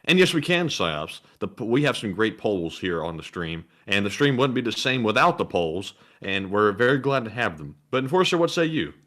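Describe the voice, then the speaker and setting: A man's voice: on the low side, big pitch swings, normal speed, few pauses, a bit bright. A man co-hosting a casual livestream, reading out viewer donations with dry, chuckling asides. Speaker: livestream co-host. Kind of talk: reading super chats on a livestream.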